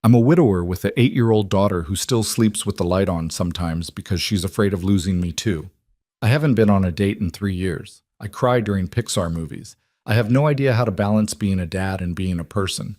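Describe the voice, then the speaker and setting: A steady, gentle widowed single father, voiced by a man with a fairly low voice, speaking in a calm, reassuring way. It is an audiobook-style story reading, recorded close and dry. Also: a little fast, no room sound, natural voice. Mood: tender.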